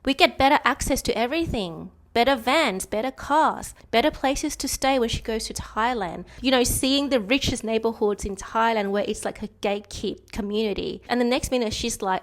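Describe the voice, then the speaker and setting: A woman's voice: normal speed, few pauses. A young woman with an Australian accent, talking bluntly and frankly in a personal vlog. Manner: blunt, frank, mimics others in a higher voice when quoting. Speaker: vlogger. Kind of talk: candid personal storytelling to camera.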